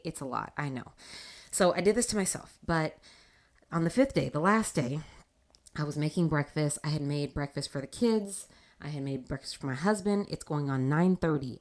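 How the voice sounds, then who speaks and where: A woman hosting a casual faith talk show, telling a personal story in an animated way and laughing often. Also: deep voice. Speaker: podcast host.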